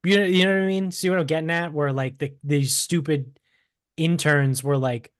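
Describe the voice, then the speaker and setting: A man's voice: fairly high pitch, steady tone, normal speed, no echo, clean studio sound. A man co-hosting a podcast in casual chat, telling a story in a rambling way with swearing and mocking asides. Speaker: podcast co-host.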